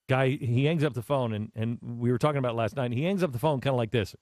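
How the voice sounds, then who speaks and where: A man hosting a talk radio show, telling a story in a conversational, animated way with many restarts. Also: mid-range voice, fast, hardly any pauses, no echo, studio quality.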